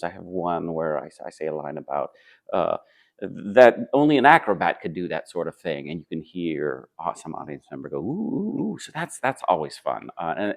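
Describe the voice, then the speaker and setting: Speaking in a deep voice, this male stage actor handles interview questions with relaxed thoughtfulness. Frequent pauses, filler words, and restarted sentences run through his answers.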